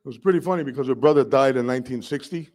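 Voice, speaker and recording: A middle-aged man from New York City telling a personal story with vivid, animated delivery, mimicking voices and bursting into shouts. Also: mid-range voice, racing.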